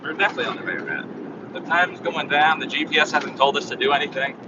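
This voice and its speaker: A man chatting casually while driving, rambling with lots of fillers in a flat, even tone. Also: fairly high pitch, quick pace. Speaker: vlogger driving a van. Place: inside a moving vehicle on a highway. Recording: distant, dull sound with loud road noise.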